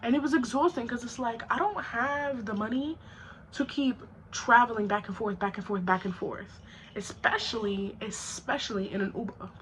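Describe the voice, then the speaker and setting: A young woman tells a storytime vlog in a blunt, profane, animated way, voicing both sides of the quarrel herself. Her voice sits a little high. Faint background hiss runs under the recording. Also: normal speed, low-quality recording. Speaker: vlogger.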